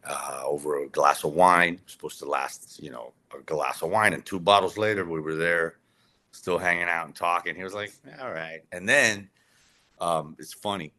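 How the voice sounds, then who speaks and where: Man, low voice, forceful and bright, animated rambling storyteller, casual interview. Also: normal speed. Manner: animated, rambling, many fillers and restarts. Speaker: documentary director interviewing an author.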